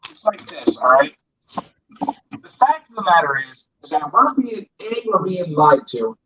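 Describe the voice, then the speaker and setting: A man's voice: fairly high pitch, sing-song, measured pace, bright, forceful tone, slight background noise. A man ranting angrily and profanely as co-host of an online talk show, speaking from his bedroom. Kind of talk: angry political rant. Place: bedroom at home. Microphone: distant from mic. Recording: dull lo-fi audio.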